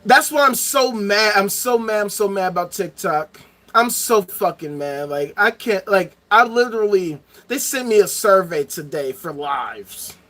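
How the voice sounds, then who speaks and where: A man's voice: high voice, lively intonation, measured pace, a bit bright. A man ranting angrily into the camera, profane and heated, hammering points home by repeating them. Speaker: vlogger. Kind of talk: angry ranting monologue.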